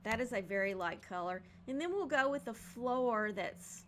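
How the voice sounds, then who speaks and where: A woman's voice: fairly high pitch, animated, normal speed, a little hiss or hum. A woman casually narrating her home build in a game, thinking aloud with frequent ums and hesitations. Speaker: game building video creator.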